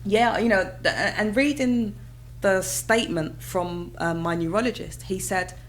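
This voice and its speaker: A British woman, a mother, telling her own story in a casual interview, lively and expressive, often acting out her past reactions. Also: mid-range voice, unhurried, slight background noise. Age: adult with children. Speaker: guest.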